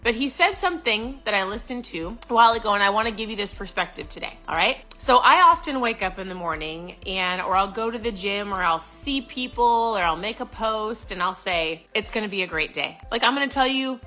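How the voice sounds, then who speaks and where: A woman's voice: medium pitch, pushed and bright, rough recording. A middle-aged woman giving a casual, upbeat motivational talk to camera, chatty with lots of fillers and restarts. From Florida. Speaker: vlogger.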